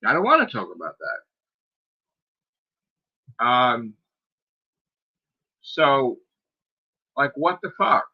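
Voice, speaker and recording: A man's voice: mid-range voice, big pitch swings, slow pace, pauses often, slightly rough. A man hosting a podcast, ranting in a casual, exasperated way, full of swearing, repeated rhetorical questions and "like". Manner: exasperated, profane, rhetorical questions, lots of 'like'. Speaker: podcast host. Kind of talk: casual rant. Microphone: streaming microphone. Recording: slightly dull lo-fi sound.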